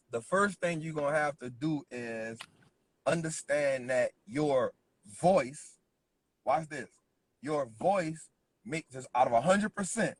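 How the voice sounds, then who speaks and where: A man delivers a motivational business lesson in a slightly husky, somewhat high voice. He hammers each point through repetition and keeps asking the listener "right?" The effect is insistent and coaching. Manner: emphatic, repeats points with constant "right?" check-ins. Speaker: business speaker.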